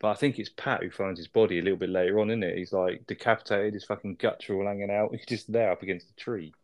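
A man's voice: lowish voice, steady tone, fast talker. A man co-hosting a podcast, chatting casually about a film, swearing often and checking for agreement with tag questions. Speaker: podcast co-host reviewing a film. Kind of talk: casual chat.

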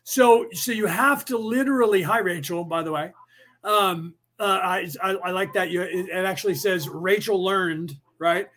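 A man's voice: high voice, normal speed, fairly bright tone. A man hosting a podcast, talking casually and conspiratorially to his listeners, with many restarts and fillers. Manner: rambling, conspiratorial, addresses listeners directly. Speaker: podcast host. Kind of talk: casual live-stream monologue.

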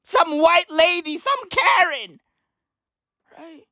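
A woman delivering a comedic rant to camera, loud and profane, with shouted bursts and slang asides. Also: very high-pitched, lively intonation, slow pace, no room sound, clean studio sound. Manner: heavy use of slang asides. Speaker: commentator.

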